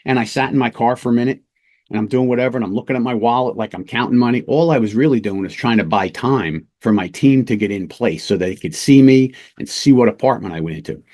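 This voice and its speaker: Middle-aged male police lieutenant, mid-pitched voice, casual storytelling lesson with anecdotes. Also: quick pace. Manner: lively anecdotes, acts out quoted voices, fillers and restarts. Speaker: police lieutenant teaching undercover work.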